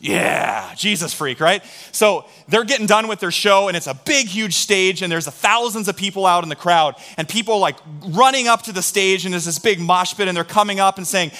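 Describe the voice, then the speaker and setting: A middle-aged male pastor preaching with a bright, forward voice that sits a bit high. He tells stories animatedly and draws the congregation in to respond. He sounds lively and engaging. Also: normal speed, hardly any pauses. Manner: storytelling, animated, drawing in the congregation. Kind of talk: sermon.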